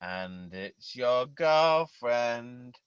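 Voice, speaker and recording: A man's voice: medium pitch, lively intonation, very slow, clean tone, no room sound, lo-fi sound. A man putting on a Glasgow accent to play a cocky male wrestler taunting his rival, drawing out his words. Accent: Scottish, Glasgow.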